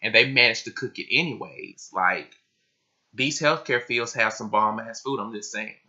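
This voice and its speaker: A young man vlogging casually to camera, his voice a bit croaky from just waking up, talking emphatically with lots of "like" and casual swearing. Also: fairly low pitch, animated, moderate pace, pushed and bright. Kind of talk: casual vlog talk to camera. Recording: dull lo-fi recording.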